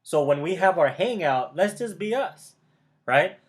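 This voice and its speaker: Brief: fired-up male mentor, slightly high voice, hammering points home with repetition and quick laughs. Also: animated. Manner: enthusiastic and emphatic, repeats key words; laughs often mid-sentence. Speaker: motivational mentor. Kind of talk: casual coaching chat.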